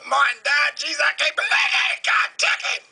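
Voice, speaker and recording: A man's voice: very high voice, huge pitch swings, normal speed, gravelly, heavily acted. A man voicing a blunt, bossy older woman receptionist in a radio prank call. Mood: yelling. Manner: bossy, streetwise, escalates to shouting. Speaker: prank caller.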